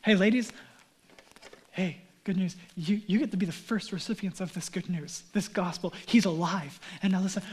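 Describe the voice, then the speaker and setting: A male pastor preaching an Easter sermon, animated, acting out quoted lines and dropping to near whispers. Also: high voice, husky.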